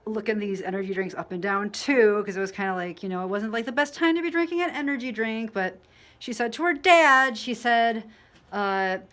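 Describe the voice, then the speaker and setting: A woman vlogging casually to camera, telling a rambling story full of fillers and restarts, mostly quiet and low, getting louder when she acts out what people said. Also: brisk. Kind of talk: casual storytelling to camera while dyeing her hair.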